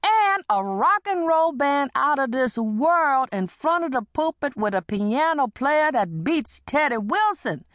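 A woman's voice: sits high, sing-song, a little slow, few pauses, fairly bright tone, no room sound, clean studio sound, heavily acted. A woman reading an audiobook and voicing a brash, hard-drinking woman who teases and schemes. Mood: teasing. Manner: teasing, bawdy, persuasive.

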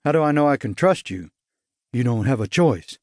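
A gruff, curt tough guy with a growl in his voice, as a male audiobook narrator puts him on. The voice sits in an even middle register and the recording is bone-dry and close. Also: mid-range voice, moderate pace, no echo, natural voice. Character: gruff tough middle-aged man, short-tempered. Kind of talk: audiobook character voice.

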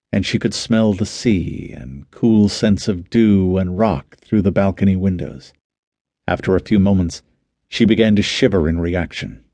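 A man reading a novel aloud as the narrator, in a measured, even manner. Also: low-pitched, dry recording. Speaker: audiobook narrator. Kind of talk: scripted narration.

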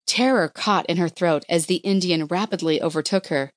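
A woman narrating an audiobook with a measured, expressive reading. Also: on the low side, no echo, clean studio sound. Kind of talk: scripted narration of a historical romance.

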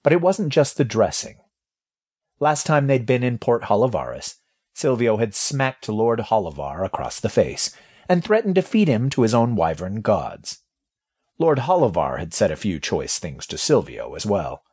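Husky, lively male audiobook narrator. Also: on the low side, normal speed. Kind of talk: scripted narration.

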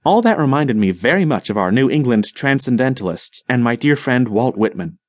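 A man's voice: medium pitch, expressive, fairly quick, darkish tone, no room sound, lightly acted. A man voicing a grandiloquent, professorial older colony leader who talks in a rhetorical, dramatic way.

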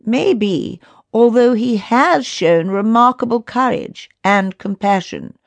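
Woman voicing a patient storybook elder, firm and measured. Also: a little high, lively intonation, gravelly, dry recording, voice pushed up, exaggerated voice. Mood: reasoning. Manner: measured, determined. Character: calm wise council elder who defends the children.

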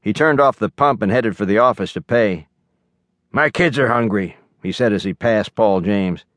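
A man's voice: on the low side, moderate pace, no echo. Man narrating an audiobook, dry studio sound. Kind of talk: scripted narration. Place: recording studio. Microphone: studio mic, close.

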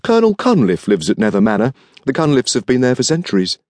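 A man's voice: medium pitch, huge pitch swings, fast talker, darkish tone, no echo. A male audiobook narrator voicing a polite, refined young dandy who works in an art shop, speaking eagerly and deferentially. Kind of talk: audiobook character reading.

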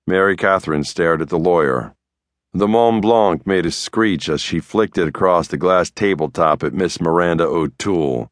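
A male audiobook narrator with a fairly low voice reads a thriller in the first person. His delivery is steady and measured, recorded dry and close with no room echo.

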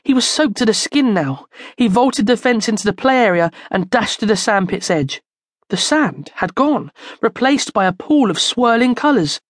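A woman narrating a children's storybook in a slow, expressive storytelling manner, close to the mic. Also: on the high side, no echo. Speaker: audiobook narrator.

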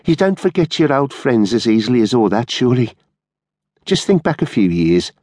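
A man's voice: medium pitch, expressive, a little slow, darkish tone, no echo, clean studio sound, voice pushed up, close to an everyday voice. A man voicing a nervous, sneering small-time ex-convict who sounds breathless as he jeers. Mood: jeering.

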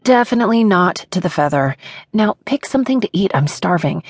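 A woman's voice: mid-range voice, lively intonation, fairly quick, no room sound. A woman narrator voicing an exasperated, heavily pregnant young woman who rants in an audiobook. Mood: bossy. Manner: ranting, exasperated. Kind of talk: audiobook character voice.

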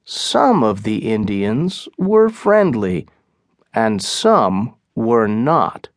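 A man narrating an audiobook in a slow, deliberate and clear way. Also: fairly low pitch, sing-song, no room sound, studio quality. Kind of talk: scripted narration.

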